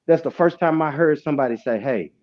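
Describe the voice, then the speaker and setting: An adult man hosting a casual livestream panel, telling stories in an animated way, laughing and swearing often. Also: fairly high pitch, quick pace, muffled recording. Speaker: host.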